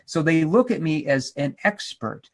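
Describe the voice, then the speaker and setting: Energetic, emphatic male sales trainer. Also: on the high side, measured pace. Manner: energetic, emphatic, acts out role-plays. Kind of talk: sales seminar teaching.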